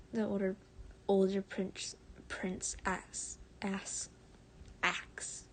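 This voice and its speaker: A young American woman reading fan fiction aloud on a livestream, stumbling over words, giggling and dropping into soft whispers. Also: medium pitch, level tone, drawn-out words, slight background noise, rough recording. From United States. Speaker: streamer.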